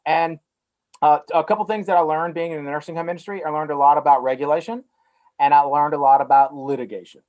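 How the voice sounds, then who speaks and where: A man's voice: a little high, fairly even intonation, quick pace, dull audio. A middle-aged man with a North Carolina Southern twang, telling stories in a casual interview over a video call. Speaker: guest, cannabis company CEO.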